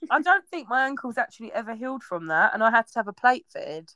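A woman's voice: a little high, sing-song, fast, bright, forceful tone. Giggly, chatty woman. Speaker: podcast co-host. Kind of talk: casual chat.

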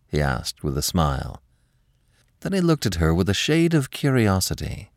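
Male narrator for an audiobook, very deep, lively delivery, dry close sound. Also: no echo. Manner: expressive, measured reading. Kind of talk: scripted story narration.

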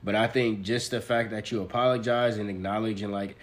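A man's voice: on the low side, steady tone, brisk. A man co-hosting a casual chat, laid-back and slangy, with lots of fillers. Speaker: podcast co-host.

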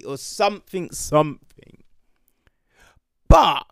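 A man's voice: a little high, big pitch swings, slow, no echo, studio quality. A man with a British accent giving a casual, sarcastic rant about a TV show, swearing freely. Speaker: TV show reviewer. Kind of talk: casual ranting commentary.

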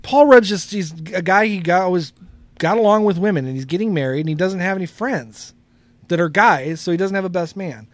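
A man's voice: high voice, lively intonation, a little fast, dry recording. A man co-hosting a casual podcast who rambles through loose anecdotes and laughs often. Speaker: podcast co-host.

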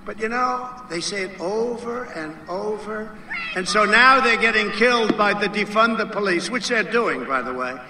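A man's voice: high-pitched, animated, moderate pace, background noise. A man giving a rally speech in a rambling, repetitive way, full of emphatic asides. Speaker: political speaker. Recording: roomy, heard from a distance.

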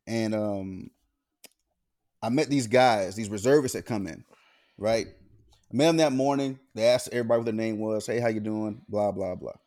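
A man's voice: on the low side, moderate pace, long pauses, darkish tone. A man co-hosting a podcast, telling stories in a laid-back, profane casual way. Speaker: podcast co-host. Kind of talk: casual chat, storytelling.

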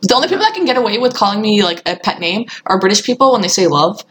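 A woman's voice: mid-range voice, very animated, racing, fairly bright tone, a little hiss or hum. A young woman chatting casually with friends, laid-back and frank about what bothers her.

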